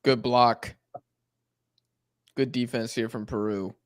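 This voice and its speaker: This is casual football play-by-play from a young co-host of a live watch-along, relaxed and chatting as the action unfolds. He speaks slowly in a medium pitch, on a dry, studio-quality recording.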